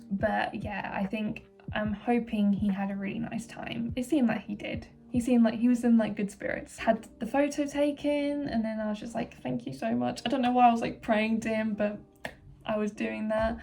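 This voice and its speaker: A young woman vlogging in casual chat, gushing with excitement and filling her talk with likes and ums. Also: fairly high pitch, distant mic. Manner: excited, gushing, many fillers. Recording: voice set back from the mic.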